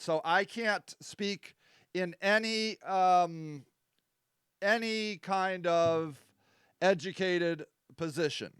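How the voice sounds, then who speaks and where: A man's voice: high-pitched, fairly bright tone, smooth, no echo, clean studio sound. A man hosting a casual live stream, rambling through the talk with many fillers and poking fun at himself as he reads out viewer comments. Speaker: host.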